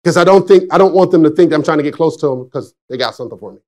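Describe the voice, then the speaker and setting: A man in his forties, a pastor preaching a sermon, telling stories with frequent laughs and swinging between excited and hushed delivery. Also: a little high, rapid-fire. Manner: chatty storytelling with frequent laughs. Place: church service.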